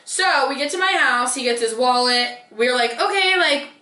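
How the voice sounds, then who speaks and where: A woman's voice: on the high side, normal speed, bright, forceful tone. Sassy chatty young woman vlogger. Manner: chatty, sassy, profane, heavy use of "like". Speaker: beauty vlogger. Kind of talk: casual story-time chat. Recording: roomy echo.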